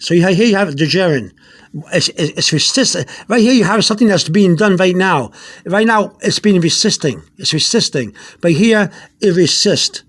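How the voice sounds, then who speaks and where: A man with a high voice teaches a casual language lesson. He talks haltingly, repeating words and spelling out letters one by one, with plenty of uh and um between phrases. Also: a bit bright. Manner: explains slowly and spells out letters.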